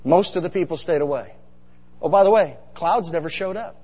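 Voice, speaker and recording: A man's voice: a little high, brisk, husky. A middle-aged man preaching a humorous, story-filled sermon, often asking the congregation questions. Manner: chatty, asks the congregation questions. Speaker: pastor. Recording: dull sound with long hall reverb.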